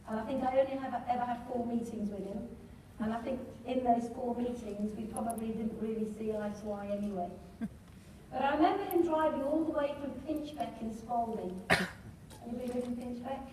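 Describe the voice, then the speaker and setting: A woman's voice: a little high, mellow, slight background noise. A middle-aged woman, giving a motivational talk to a live audience. She tells her story vividly and asks the crowd questions. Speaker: speaker at a business training event. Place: large hall with a live audience. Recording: echoey hall, voice from far off.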